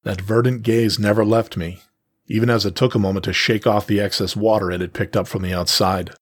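A man narrating a first-person story in a steady, measured way. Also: lowish voice, slightly rough, no room sound, studio quality.

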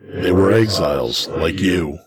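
A man's voice: sits low, a little slow, noisy background. A man voicing a large, growling male feral beast who questions sternly and menacingly. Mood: probing. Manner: stern, probing interrogator.

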